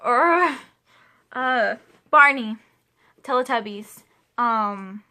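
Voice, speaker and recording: Bright chatty young woman vlogger. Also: fairly high pitch, very slow. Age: 20s. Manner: chatty, rambling, laughs and asides. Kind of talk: casual chat answering a question tag. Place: home room with a pet playing.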